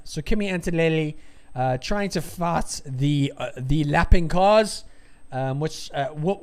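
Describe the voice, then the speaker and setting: A man giving excited live race commentary, rambling with fillers and breaking into loud cheers. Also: high voice.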